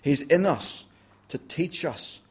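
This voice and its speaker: A man preaching a sermon in a church, earnest and direct, dropping softer when he speaks God's words to the listeners. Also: a little high, animated, takes it slowly. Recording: roomy church echo.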